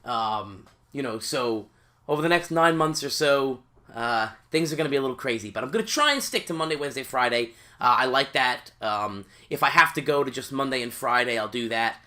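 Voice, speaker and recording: A man's voice: mid-range voice, animated, a little fast, pushed and bright. A man hosting a gaming channel, chatting casually to viewers from home with lots of fillers and restarts. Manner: rambling, many fillers and restarts. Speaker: YouTube gaming channel host. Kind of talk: casual let's-play talk to viewers. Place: home, sitting on a creaky seat.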